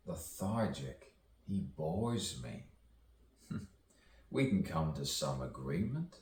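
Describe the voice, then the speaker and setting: Reciting a meandering spoken-word soliloquy, this poet speaks in a remarkably low, darkish voice, very animated as his phrases repeat in slow, rhythmic cycles. The mic sits at a distance in a large, reverberant room, and there's a faint background hiss.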